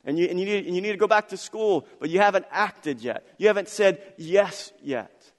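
A middle-aged man preaching a sermon as pastor, animated and acting out the voices of the people in his story. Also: sits high, normal speed, big-room sound.

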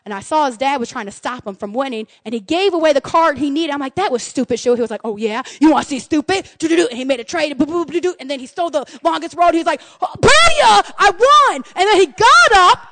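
A middle-aged woman pastor preaching a lively, folksy sermon, swinging from hushed asides to shouted excitement. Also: sits high, quick pace, hardly any pauses, no echo. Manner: folksy, says "y'all" and "man".

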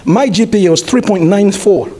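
High-voiced preaching man, rising to shouts. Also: normal speed, husky. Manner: call-and-response preaching, repeats phrases, rises to shouts. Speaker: pastor. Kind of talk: sermon. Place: church.

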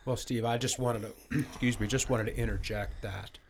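A man in a podcast conversation, cutting in with a measured, thoughtful remark. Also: medium pitch, steady tone, slight background noise.

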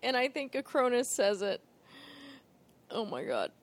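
A woman co-hosting a casual movie podcast, expressive and quick to swear about the film's writing. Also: on the high side. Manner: expressive, laughs and swears freely. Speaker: podcast co-host. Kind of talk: casual movie-review chat.

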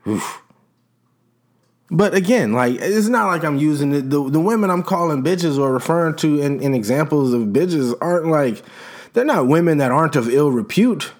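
Rambling, animated man ranting casually. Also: a little high, moderate pace. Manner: rambling, profane, frequent "you know what I'm saying". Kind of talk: casual comedic rant.

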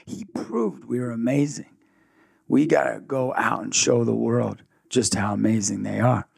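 Energetic and quick to change direction, this ministry founder tells a story as an interview guest, voicing both parties in the exchange. He has a mid-range, slightly rough voice with vocal fry, captured in a dry recording.

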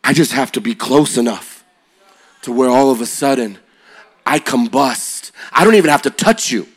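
A middle-aged man, a youth pastor, telling a story as he preaches, his delivery swinging from hushed lines to shouts. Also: mid-range voice. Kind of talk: energetic sermon storytelling.

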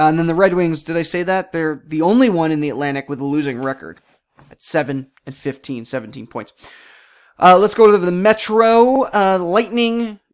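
Chatty host rattling off sports standings. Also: medium pitch. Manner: chatty and jokey, wanders into asides; reads out standings and numbers in rapid lists. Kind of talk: casual solo sports talk show.

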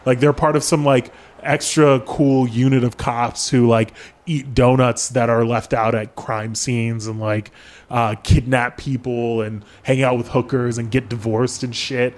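A man's voice: medium pitch, flat delivery, a little slow. A young man hosting a podcast, talking casually and profanely with lots of fillers. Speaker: podcast host. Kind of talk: casual chat.

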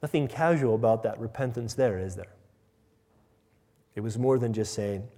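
A man preaching a sermon as pastor, earnest, dropping to a quiet hush on key points. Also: mid-range voice, normal speed. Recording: long hall reverb.

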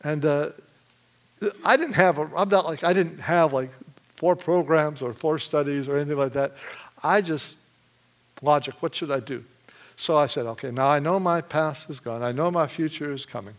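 Male preacher from Michigan, lively storyteller, laughs often, voice sits a touch high. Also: normal speed. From Michigan, USA. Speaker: preacher giving testimony. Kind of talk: sermon testimony.

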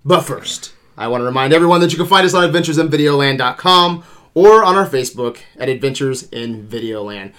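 Male podcast host, 30s, relaxed and animated, loose with swear words. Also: mid-range voice, brisk. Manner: animated, swears casually, laughs often. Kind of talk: casual movie review chat.

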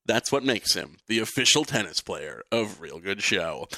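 A man's voice: on the low side, sing-song, normal speed, hardly any pauses, bright, forceful tone, no echo. A young man co-hosting a podcast, chatting wryly about sports with a laugh in his voice. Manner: wry, laughing, reads quotes aloud. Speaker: podcast co-host. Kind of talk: casual sports chat.

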